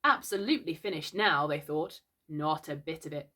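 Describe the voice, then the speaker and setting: A woman reading a classic children's book aloud in a gentle, unhurried storytelling voice. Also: sits low.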